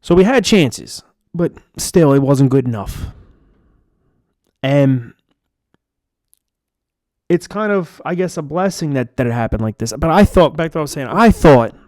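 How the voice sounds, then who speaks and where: A man's voice: on the high side, animated, a little slow, long pauses, a little mellow, dry recording, studio quality. A man giving a frustrated, profane, rambling rant as a sports fan vlogger. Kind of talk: ranting fan commentary.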